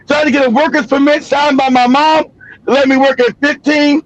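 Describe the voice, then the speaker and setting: A man's voice: extremely high pitch, flat delivery, a little fast, no echo, muffled recording. A middle-aged man giving heated, profane commentary on a livestream, swearing freely and laughing at his own jokes.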